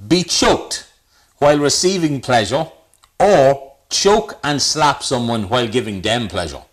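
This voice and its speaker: A man's voice: medium pitch, expressive, measured pace. A man co-hosting a podcast, teasing his friend and laughing in casual comedic chat. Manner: playful, teasing, laughs often. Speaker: podcast co-host.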